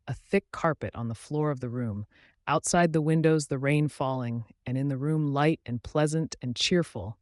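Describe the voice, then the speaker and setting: A man reading a novel aloud as an audiobook narrator in a steady, measured way. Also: mid-range voice, no echo, studio quality.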